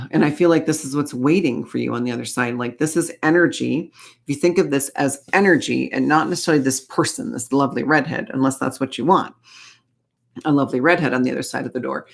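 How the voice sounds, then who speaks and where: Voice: mid-range voice, fairly quick, creaky. A tarot and oracle card reader giving a casual spiritual reading, chatty and gushing, full of fillers and little asides.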